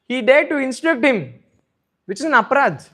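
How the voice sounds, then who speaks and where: Brief: emphatic male scripture teacher, high voice, echoey room. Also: animated, normal speed, sharp tone. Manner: emphatic, repeating points, asks listeners "right?". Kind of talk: devotional scripture class.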